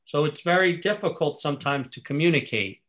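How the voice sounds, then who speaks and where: A middle-aged man telling earnest, animated stories as a podcast guest. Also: a little high, a little fast. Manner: earnest, animated storyteller who acts out dialogue. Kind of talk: storytelling in a podcast conversation.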